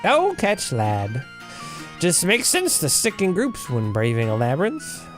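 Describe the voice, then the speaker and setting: A folksy, chummy male squirrel bard with a put-on brogue and a lively, swooping delivery, voiced by a man. He wheedles and calls everyone lad, low music underneath. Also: measured pace. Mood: wheedling. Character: gruff Scottish-sounding male squirrel bard.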